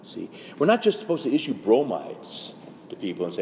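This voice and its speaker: A man's voice: fairly high pitch, wildly swooping pitch, fast, warm tone. A man, a Catholic priest speaking to fellow priests, preaching urgently with many restarts and reading scripture aloud. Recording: long hall reverb, faint background noise.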